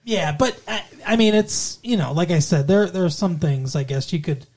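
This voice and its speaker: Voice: mid-range voice, normal speed, darkish tone. A podcast co-host in a casual movie chat who rambles, swears freely and acts out characters' lines.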